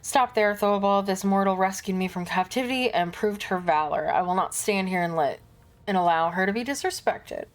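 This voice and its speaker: A woman's voice: mid-range voice, normal speed, close to an everyday voice. A woman voicing a proud, brooding male space wolf warrior, reading game dialogue aloud with growling menace. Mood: defiant.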